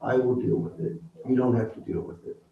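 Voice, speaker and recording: A man giving a spiritual talk, teaching slowly and asking the audience questions. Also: medium pitch, level tone. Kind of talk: sermon. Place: temple hall with audience. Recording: roomy, distant, dull hall recording.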